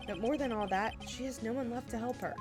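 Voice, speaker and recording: A woman's voice: fairly high pitch, fast talker, music in the background, close to an everyday voice. Woman reading as an earnest young defense lawyer. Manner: earnest, determined, reading dialogue aloud.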